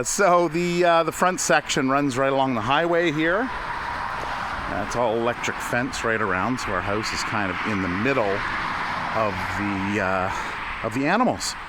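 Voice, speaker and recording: A man giving a relaxed walking tour of his farm, chatting, laughing often and greeting animals along the way. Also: fairly low pitch, background noise. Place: outdoors on a farm, in woods and fields.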